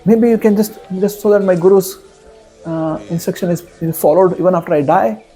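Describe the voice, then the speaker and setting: A man's voice: high voice, brisk, dark tone, faint music behind, lightly acted. A man voicing a dying old king who is tired and impatient with a fool, in a told story. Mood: weary. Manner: tired, exasperated scolding.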